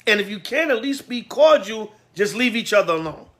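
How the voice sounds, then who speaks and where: A man preaching in a Bible class, blunt and fiery, slipping into slang and wandering off on tangents. His voice sits high and comes out bright and forceful. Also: expressive, a little fast. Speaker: priest.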